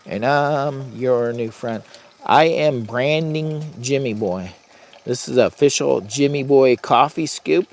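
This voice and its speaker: A man's voice: medium pitch, slow. A man casually rambling through a camping vlog, goofy and self-mocking, chatting straight to his viewers. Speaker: vlogger. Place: hot tent while camping.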